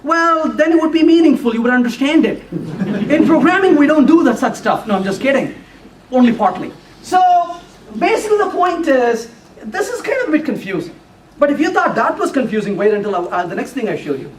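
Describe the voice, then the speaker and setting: With an extremely high, very animated voice and a fairly quick pace, a middle-aged man presents a live technical talk in a meeting room. He playfully teases and quizzes his listeners; the recording is distant and roomy, with faint room noise.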